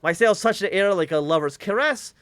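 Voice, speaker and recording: A proud female airship captain, wired into her vessel, speaks with rapturous intensity, as a man reads her lines aloud. The voice sits high and swings widely in pitch. The sound is dry and close. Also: animated, a little fast, fairly bright tone, no room sound. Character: cyborg woman airship captain, proud, ecstatic.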